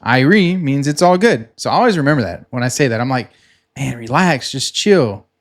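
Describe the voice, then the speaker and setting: A man casually talking through his trading session on a screen share, relaxed and chatty, pointing at the chart as he explains. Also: medium pitch. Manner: relaxed and chatty, many "like"s, quick laughs; talks himself through the chart while pointing at it. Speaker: futures trader recapping his trading session.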